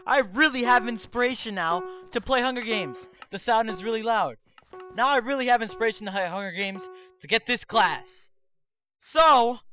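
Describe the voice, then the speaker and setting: A man hosting Minecraft gameplay commentary on a cheap microphone, excitable and boastful, trash-talking as he plays. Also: extremely high pitch. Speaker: gaming channel host.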